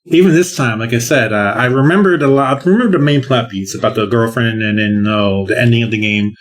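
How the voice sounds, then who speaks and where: A man's voice: mid-range voice, fast talker. A man co-hosting a game podcast, rambling and hesitant, with restarts and casual swearing. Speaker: podcast co-host. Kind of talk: casual game review chat.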